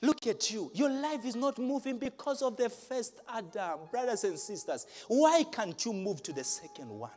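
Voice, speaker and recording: Male pastor, live sermon, big swooping delivery that climbs to shouts. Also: very high voice, very animated, moderate pace, few pauses, faint music behind. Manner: emphatic, rising to shouts, asks the crowd questions. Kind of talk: live preaching. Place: large church hall.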